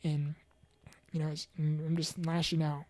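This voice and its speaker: A woman giving an earnest, heartfelt personal testimony about mental health and faith, halting now and then with fillers and restarts. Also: low voice, steady tone, warm tone, no echo. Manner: preachy, faith-focused encouragement. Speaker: motivational speaker.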